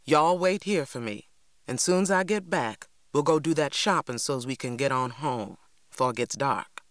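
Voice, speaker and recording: A woman reading aloud voices a stern elderly grandmother, gruff and firm. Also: unhurried, no room sound, clean studio sound. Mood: matter-of-fact. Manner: gruff, scolding, low.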